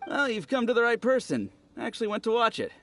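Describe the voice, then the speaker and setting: A man's voice: extremely high pitch, fast, dry recording, full character voice. An actor playing a friendly, talkative young villager in a video game, eagerly recounting what he saw. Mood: chatty. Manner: chatty, animated storytelling.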